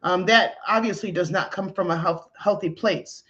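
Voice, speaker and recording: A woman spiritual healer giving a talk and leading a guided breathing meditation. She speaks gently and soothingly, with frequent fillers. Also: lowish voice, normal speed. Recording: slightly dull, muffled audio.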